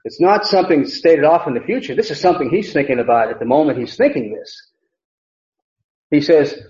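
A man's voice: on the high side, expressive, brisk, a little mellow. A man teaching an expository Bible sermon, emphatic, and often repeating phrases. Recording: roomy, dull lo-fi sound.

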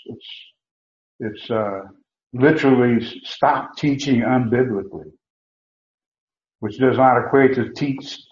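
A man preaches with emphatic insistence, circling back and repeating himself as he restarts his sentences. His voice sits at a medium pitch. The recording sounds muffled and echoes around the room. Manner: emphatic, repetitive, with many restarts and fillers. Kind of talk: sermon. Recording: dull, roomy sound.

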